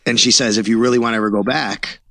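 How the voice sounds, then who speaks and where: A man in his forties, a guest on an interview podcast, telling his story in an animated way and acting out what others said. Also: mid-range voice, quick pace, creaky, no echo. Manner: animated storyteller who acts out quotes, laughs. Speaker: guest, sports radio reporter.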